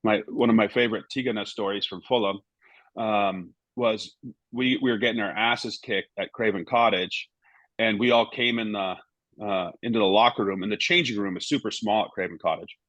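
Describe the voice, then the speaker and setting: A man's voice: fairly low pitch, steady tone, moderate pace, fairly bright tone, no room sound, rough recording. A middle-aged man, a former goalkeeper and now a podcast guest, who tells anecdotes in a rambling way and keeps adding "you know" and "right?". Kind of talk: casual anecdote telling.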